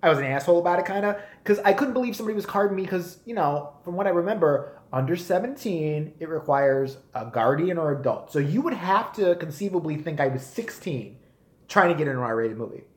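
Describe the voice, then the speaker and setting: A man in his forties ranting on a live stream, profane and animated. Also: on the high side, fairly quick, echoey room. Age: 40s. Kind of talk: casual rant.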